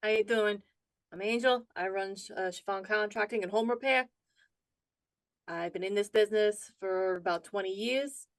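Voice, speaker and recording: A woman's voice: medium pitch, no echo, close to an everyday voice. A woman voicing a confident, self-assured veteran contractor. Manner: brisk, self-assured sales talk.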